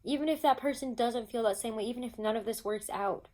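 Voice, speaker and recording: A woman's voice: fairly high pitch, fast talker, a little mellow, rough recording. A woman giving a casual tarot reading at home, talking chattily to her viewers with many fillers. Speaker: tarot reader. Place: home with pets nearby.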